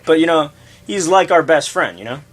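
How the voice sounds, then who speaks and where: A young man co-hosting a casual, crude chat show, animated and laughing, jumping between topics. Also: on the high side, brisk. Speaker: podcast co-host.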